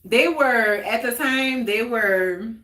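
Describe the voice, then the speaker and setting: A woman in her forties hosts a relaxed heart-to-heart stream, speaking slowly and openly. She answers her viewers' comments as they come in and laughs easily. Her voice carries an echo from the room around her. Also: a little high. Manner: chatty and candid, answers viewer comments aloud, laughs often. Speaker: host of a live talk stream. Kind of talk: casual heart-to-heart chat. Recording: roomy echoey sound.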